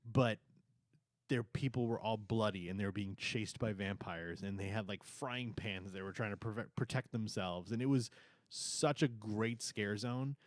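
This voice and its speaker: A young adult man co-hosts a laid-back review conversation with an enthusiastic, rambling delivery, now and then tripping over his words. His voice sits a bit low and sounds dry and close to the mic. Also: unhurried, dry recording. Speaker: co-host reviewing theme park events. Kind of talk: casual chat.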